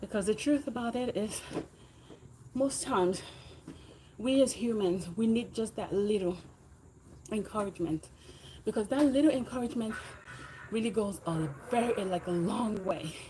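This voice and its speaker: A woman talks to her livestream viewers in an encouraging, motivational way while she rides an exercise bike, and now and then she sounds a little out of breath. Her voice sits at an ordinary middle pitch. A steady background noise runs under the recording. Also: normal speed, long pauses. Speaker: livestreaming fitness vlogger. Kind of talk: casual livestream chat with viewers.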